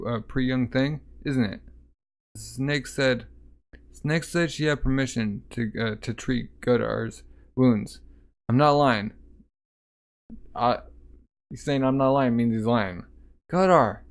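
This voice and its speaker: A man casually reading a manga aloud, voicing the lines and adding sound effects and asides as he goes. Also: medium pitch. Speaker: manga reader.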